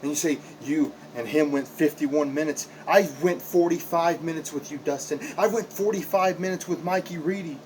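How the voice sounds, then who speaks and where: A man's voice: on the high side, moderate pace, few pauses, darkish tone, a little hiss or hum, rough recording. A man cutting an impassioned, confrontational wrestling promo, repeating himself for emphasis as a backyard wrestler.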